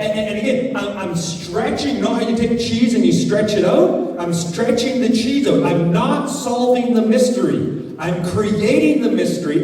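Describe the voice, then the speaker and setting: Playful guy teaching storytelling, high mellow voice, booming around a big hall from afar. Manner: animated, playful, lots of voice changes. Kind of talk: workshop talk with acted storytelling. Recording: echoey hall from far off.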